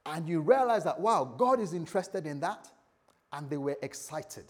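A male pastor preaching a sermon in a church, animated and lightly teasing his congregation. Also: on the high side, normal speed.

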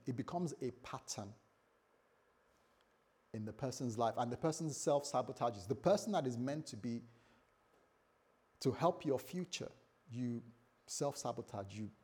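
A man with a husky voice preaches to his congregation. He drops to quiet, low lines and then surges into loud, high bursts. He often acts out his own thoughts aloud, like quoted asides. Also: a little slow, long pauses. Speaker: pastor. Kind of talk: sermon. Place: church service before a congregation.

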